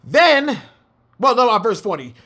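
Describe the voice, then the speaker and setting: Lively high-voiced man teaching scripture. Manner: blunt, profane, slangy asides between slow, drawn-out readings. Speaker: Bible teacher. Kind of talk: scripture reading with commentary.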